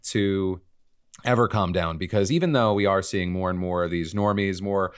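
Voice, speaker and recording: A man with a deep, low voice talks politics on a podcast. He sounds indignant, swears freely and keeps restarting his sentences. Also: clear, resonant tone. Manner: indignant, profane, halting with restarts. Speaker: podcast co-host. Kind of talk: casual political chat.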